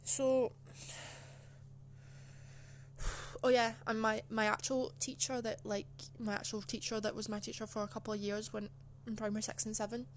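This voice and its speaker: A young woman telling a story straight to camera in a chatty, aggrieved way, her sentences loaded with fillers. Her voice sits a little high for a woman. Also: flat delivery, moderate pace, a little hiss or hum. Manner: chatty and indignant, full of "like" fillers. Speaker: channel host. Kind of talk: casual storytime.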